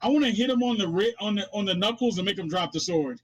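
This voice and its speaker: A man's voice: sits high, quick pace, breathy edge. A man playing a tabletop game, bantering and arguing incredulously with the game master. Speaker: player. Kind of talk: casual tabletop game talk.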